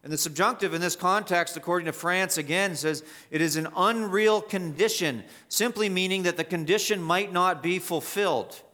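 A man's voice: sits high, normal speed, hardly any pauses, pushed and bright. A male pastor preaching an expository sermon, emphatic and repetitive, rising sharply to stress key points.

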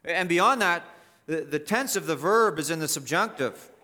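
A man's voice: a little high, lively intonation, moderate pace, sharp tone. A male pastor preaching an expository sermon, emphatic and repetitive, rising sharply to stress key points.

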